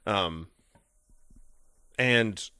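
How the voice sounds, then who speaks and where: A man co-hosting a casual podcast chat, an animated storyteller who acts out comedy sketches in high squeaky voices. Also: very slow, clear, resonant tone, no room sound. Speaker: podcast co-host.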